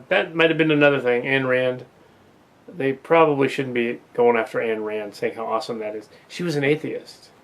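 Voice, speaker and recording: A host delivers a casual political commentary monologue, rambling, restarting often and laughing at his own jokes. His voice is medium-pitched and a bit bright.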